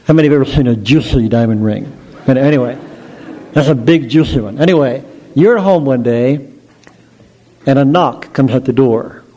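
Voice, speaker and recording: A middle-aged male preacher giving a sermon in a folksy, animated storytelling manner, joking about himself. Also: medium pitch, normal speed, pauses often.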